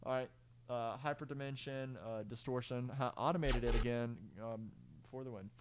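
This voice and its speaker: In a mid-range voice with fairly even intonation and a moderate pace, a young producer explains his own music project in a laid-back screen-recorded tutorial, with background noise audible. He speaks through a clip-on mic, rambles, corrects himself, uses fillers and occasionally voices beat sounds.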